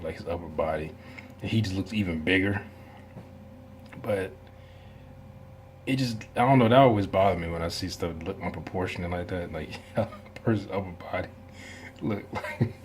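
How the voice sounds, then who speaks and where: Man, low voice, easygoing rambling commentary, asides and chuckles. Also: a little hiss or hum. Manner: rambling, full of fillers and asides, laughing. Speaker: reaction video host.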